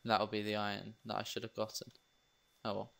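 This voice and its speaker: A man's voice: lowish voice, monotone, brisk, vocal fry, a bit bright. A young man giving casual commentary while playing a game, rambling and joking at his own expense. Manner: rambling, self-mocking asides. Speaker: let's play gamer.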